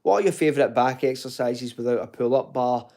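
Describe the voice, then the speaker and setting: Dark-voiced Glaswegian man chatting casually. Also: mid-range voice, brisk. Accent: Glaswegian Scottish, toned down. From Glasgow, Scotland. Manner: chatty and informal, calls viewers mate and buddy, swears. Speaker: fitness channel host answering live chat. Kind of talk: casual live Q&A chat.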